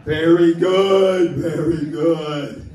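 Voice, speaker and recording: A man's voice: a little high, steady tone, extremely slow, warm tone. A man performing stand-up at an open mic, doing crowd work in the manner of a preacher calling for hallelujahs. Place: small comedy club stage. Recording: echoey room, distant mic.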